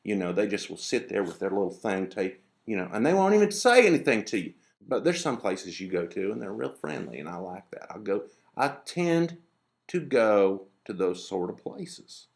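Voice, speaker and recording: Man, gravelly fry in the voice, rambling vlog monologue, grumbling, lots of restarts. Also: lowish voice, sing-song, normal speed. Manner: meandering, digressive storytelling with many restarts and fillers; grumbling about rudeness. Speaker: vlogger. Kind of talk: casual rambling monologue to camera.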